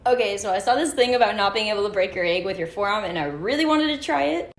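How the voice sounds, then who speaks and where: A woman's voice: medium pitch, animated, quick pace. A woman casually vlogging a silly challenge, giggly and playful. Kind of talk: casual vlog. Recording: echoey room with some noise.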